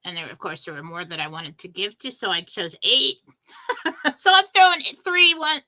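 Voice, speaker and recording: A woman's voice: lowish voice, animated, fairly quick, sharp tone, low-quality recording. A woman co-hosting a live stream as a psychic reader, talking breezily with many "um"s and "okay?" tags. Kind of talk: casual live-stream chat.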